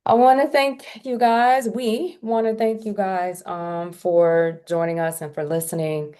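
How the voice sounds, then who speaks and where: A woman's voice: mid-range voice, unhurried, clean tone. A woman co-hosting a podcast as a tax professional, chatting casually and repeating her points. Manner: relaxed, repeats phrases, wraps up the episode. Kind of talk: casual chat.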